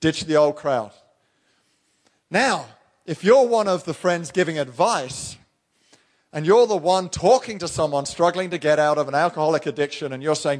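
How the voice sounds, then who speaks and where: High-voiced emphatic male pastor. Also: a little slow. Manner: emphatic, direct, rhetorical questions. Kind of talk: sermon.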